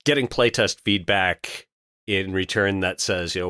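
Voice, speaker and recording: A man co-hosting a podcast, talking casually with animated, laughing banter. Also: deep voice, unhurried, clear, resonant tone, no echo, clean studio sound. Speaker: podcast co-host.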